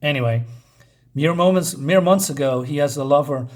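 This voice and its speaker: A man talks through a comic book review in a loose, rambling way, stopping often on fillers as he sums up the story. His voice sits a little high for a man. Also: normal speed. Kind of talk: casual video review.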